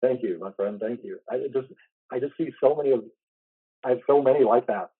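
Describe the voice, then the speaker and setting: A man's voice: mid-range voice, fairly quick, breathy edge, no echo. A man hosting an interview, telling a personal faith story in an earnest, rambling way. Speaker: host. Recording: tinny phone-like line, dry.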